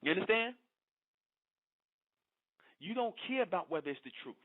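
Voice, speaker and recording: A man talks at his listeners in a long, preachy monologue. He pushes his points hard and keeps asking if they understand. His voice sits high and comes through thin and tinny, like a phone line. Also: big pitch swings, normal speed. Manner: confrontational, repeats "you understand?". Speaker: online speaker addressing followers. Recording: phone-like lo-fi audio.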